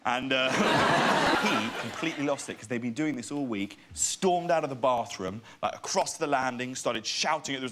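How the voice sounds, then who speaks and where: Young man, comic guest in a TV studio, bright voice with a light hiss behind. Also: mid-range voice, normal speed. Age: young adult. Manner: animated storyteller, giggly and self-mocking. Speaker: comedian guest. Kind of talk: talk show interview. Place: TV studio with audience.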